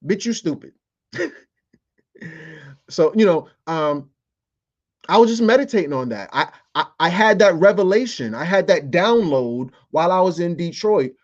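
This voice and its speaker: A man's voice: high-pitched, lively intonation, measured pace, long pauses, highs cut off. A man hosting a podcast, delivering a playful, profane comedic monologue full of fillers. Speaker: podcast host.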